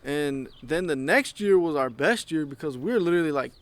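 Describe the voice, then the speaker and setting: A young man co-hosting a podcast, telling animated, profanity-filled stories and acting out what people said. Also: a little high, fairly quick. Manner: animated storytelling, heavy swearing, acts out quotes. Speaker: podcast co-host. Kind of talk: casual chat.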